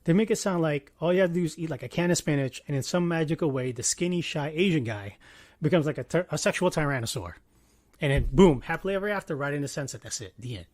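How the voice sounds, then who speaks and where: A man in his thirties giving a casual commentary monologue, animated, swinging between loud bursts and quiet asides and swearing freely. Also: fairly high pitch, fast talker, dry recording, clean studio sound. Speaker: commentary vlogger.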